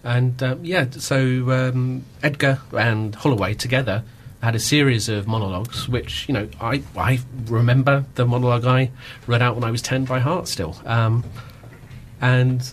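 A man's voice: mid-range voice, steady tone, normal speed, slight background noise. A man talking as a podcast guest in a reflective, discursive way, with many ums. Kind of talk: casual podcast conversation.

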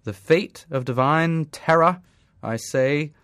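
A man's voice: on the high side, slow pace, a bit bright, clear, resonant tone, no room sound, clean studio sound. Grand, formal robot narrator, loyal and grave, male reader doing the voice. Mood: solemn grave. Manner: stately, formal, declamatory.

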